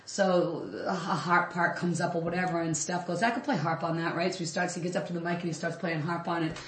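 A podcast co-host telling a story in a lively, laughing way during casual chat. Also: medium pitch, fairly quick, roomy sound, crowd noise.

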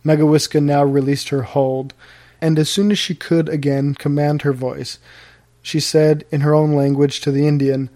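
A man narrating an audiobook of a historical novel in a steady, formal storytelling manner. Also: on the high side, normal speed.

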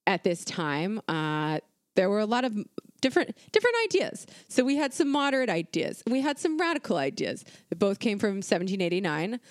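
A woman's voice: medium pitch, dry recording, clean studio sound. A woman co-hosting a casual history podcast, talking in an irreverent, profane, conversational way with plenty of fillers. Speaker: podcast co-host.

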